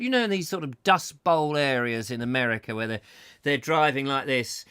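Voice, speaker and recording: A man's voice: mid-range voice, expressive, a little fast, bright, forceful tone, clean tone, dry recording, clean studio sound. A middle-aged man hosting a comic live chat show, rambling playfully and mocking himself as he reads viewer comments. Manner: rambling, playful, self-mocking, breaks into silly voices. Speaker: host.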